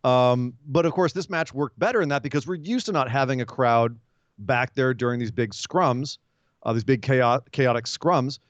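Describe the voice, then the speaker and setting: A man's voice: mid-range voice, moderate pace, no echo. A man co-hosting a podcast, chatting casually and animatedly about wrestling, laughing and acting out the moves. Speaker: podcast co-host. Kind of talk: casual wrestling recap chat. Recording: slightly dull lo-fi audio.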